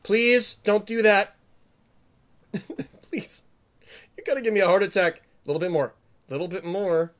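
A man playing a video game and commenting, panicky and swearing, pleading with the game and yelling when he fails. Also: high-pitched, moderate pace, pauses often. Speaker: gamer. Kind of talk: let's play commentary.

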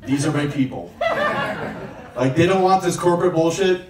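A man's voice: fairly high pitch, huge pitch swings, unhurried. A man doing a profane, sarcastic stand-up set, ranting on stage before a live audience. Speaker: stand-up comedian. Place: comedy club stage with audience. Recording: live room echo, distant mic, crowd. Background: audience laughter.

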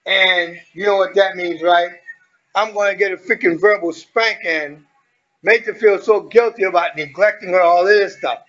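A man's voice: high voice, steady tone, moderate pace, a bit bright, highs cut off. A man vlogging in a rambling, clowning way, talking straight to his viewers. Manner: clowning, playful, talks to viewers directly. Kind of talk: rambling personal vlog.

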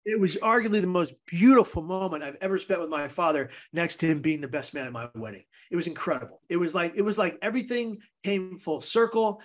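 A man's voice: sits high, a little fast, hardly any pauses. A man guest on a podcast, telling a personal story in an earnest, vivid way.

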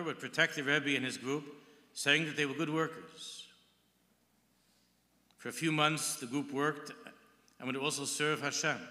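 Bright-voiced rabbi preaching in a hall. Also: male voice, mid-range voice. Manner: storytelling, quoting Hebrew texts and translating. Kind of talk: sermon. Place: large synagogue hall. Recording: long hall reverb.

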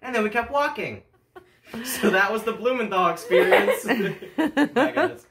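A teenage boy telling a comic story on a school stage, animated and laughing as he goes. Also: high-pitched, unhurried, a crowd in the background. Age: teens. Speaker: talent show performer. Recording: roomy hall, mic at a distance.

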